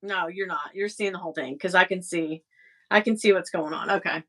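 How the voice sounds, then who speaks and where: A woman's voice: on the low side, a little fast, a bit bright. A middle-aged woman chatting casually on her livestream, rambling and exasperated as she talks to her viewers. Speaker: livestream host.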